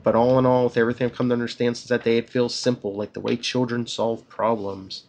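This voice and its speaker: A man reading out a serious masked hero's comic-book lines in his own gravelly voice. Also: medium pitch, quick pace, a little hiss or hum, natural voice. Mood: earnest. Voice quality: recaps dialogue flatly. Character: earnest masked male hero, steady and serious.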